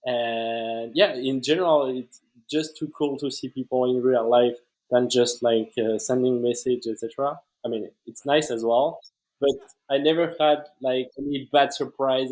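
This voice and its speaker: A man from Switzerland, speaking English as an as a podcast guest in a relaxed, easygoing chat full of "like" and "uh". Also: medium pitch, unhurried, rough recording. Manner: relaxed, easygoing, repeats "like" and "uh" often. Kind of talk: casual conversation.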